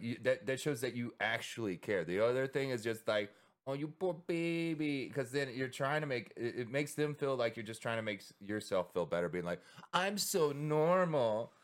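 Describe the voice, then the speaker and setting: A man co-hosting a podcast, talking in a loose, rambling way with lots of swearing and acted-out quotes. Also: mid-range voice. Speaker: podcast co-host. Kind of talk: casual chat.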